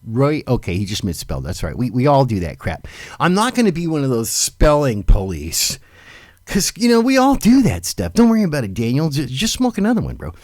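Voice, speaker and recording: A man's voice: mid-range voice, huge pitch swings, brisk, a little mellow, no echo, clean studio sound. A middle-aged man hosting a live talk show in a loose, swearing manner, laughing often. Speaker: host. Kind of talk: casual live commentary.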